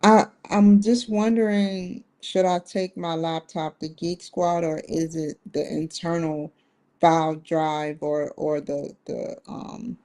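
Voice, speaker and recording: A woman on a phone call with tech support, talking hesitantly and spelling things out slowly. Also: deep voice, steady tone, warm tone.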